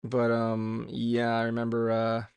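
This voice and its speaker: A man's voice: mid-range voice, monotone, unhurried, darkish tone, clean tone, no echo. A man chatting casually and rambling while he draws, muttering to himself. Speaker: drawing vlogger. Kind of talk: casual chat while drawing.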